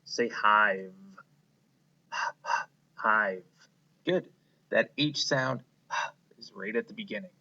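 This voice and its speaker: A man's voice: on the low side, takes it slowly, pauses often, sharp tone, dull audio. A man teaching a phonics lesson to young children, patient and encouraging, asking them to repeat words after him. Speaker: kindergarten teacher.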